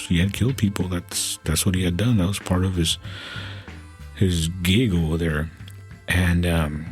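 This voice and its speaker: Deep, slow, husky man telling stories. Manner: halting, many restarts and fillers; turns soft and emotional at times. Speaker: podcast host. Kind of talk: casual storytelling.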